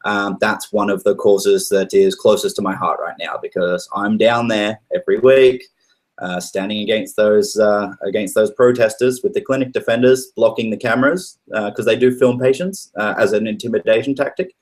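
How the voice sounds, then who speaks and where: A man from Australia with a fairly low voice chats as a podcast guest. He talks in a relaxed, rambling way and often restarts his sentences. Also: moderate pace. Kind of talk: casual podcast chat.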